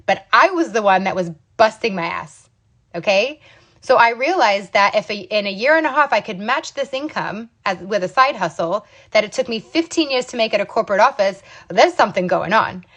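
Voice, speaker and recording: A woman in her thirties speaks straight to her viewers in a casual, motivational vlog. She talks emphatically and keeps checking in with her audience. Her voice sits at an ordinary middle pitch for a woman. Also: animated, normal speed, a bit bright. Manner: emphatic, repeats "okay?" and "you guys". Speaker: business owner sharing her story. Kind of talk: casual motivational talk to camera.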